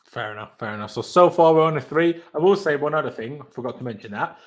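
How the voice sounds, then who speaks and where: A man's voice: on the high side, expressive. A man hosting a casual online fan panel, chatting and passing questions to his guests over a video call. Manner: fast, chatty, hands the floor to others. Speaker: host of a fan reaction panel.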